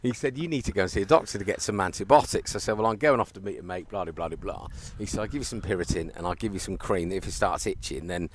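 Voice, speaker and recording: Over slight background noise, a low-voiced man commentates on a live cricket stream, speaking fast with few pauses. He chats casually and spins a story animatedly, laughing often.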